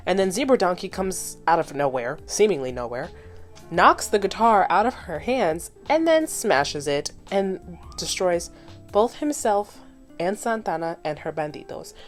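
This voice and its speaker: A woman in her twenties, a vlogger casually recapping and reacting to a cartoon episode, animated and blunt, swearing freely and thinking out loud. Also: mid-range voice, measured pace, soft background music.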